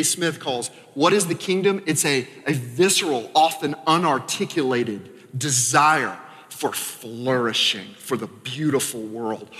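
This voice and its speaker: In a church sanctuary, an Arkansas pastor from the American South delivers a sermon in a bright, slightly high voice. His delivery is conversational, full of quick asides before he suddenly goes quiet. Every phrase trails off into the hall's long reverb.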